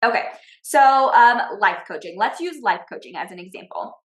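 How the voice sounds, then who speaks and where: A woman business coach and podcast host, teaching through personal stories in an energetic way and often checking in with "okay?" and "right?". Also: medium pitch, normal speed. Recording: roomy echo.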